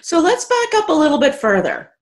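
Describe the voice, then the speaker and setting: Woman podcast host, fairly high, animated voice, encouraging and playful. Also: fairly quick. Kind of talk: conversational interview.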